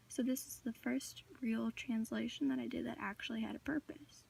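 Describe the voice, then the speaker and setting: A woman's voice: a little high, gravelly, a little mellow, husky. A teenage girl giving a class project presentation, reading a prepared talk with occasional filler words. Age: teens. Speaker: student presenter. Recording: voice distant from the mic.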